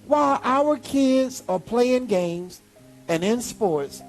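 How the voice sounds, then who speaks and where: A man pastor preaching a sermon, animated, with sudden high exclamations. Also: takes it slowly, soft background music.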